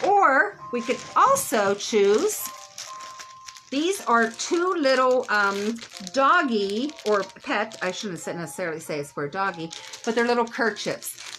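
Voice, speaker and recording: A woman's voice: fairly high pitch, a bit bright, poor audio. A middle-aged woman hosting a live sale stream, chatty and rambling, laughing at her own jokes.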